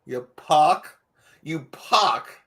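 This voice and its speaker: Teasing man with a lively voice. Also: a little high, drawn-out words. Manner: teasing, laughs easily. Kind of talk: casual chat.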